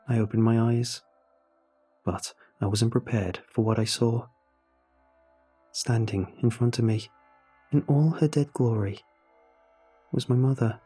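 A man narrating a horror story in a measured, suspenseful way. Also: medium pitch, dark tone, slightly rough.

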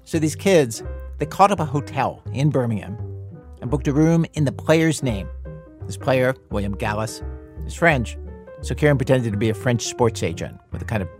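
A man's voice: medium pitch, moderate pace, soft background music. A man hosting a public radio story program, in scripted narration with a conversational, dry delivery. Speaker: radio show host.

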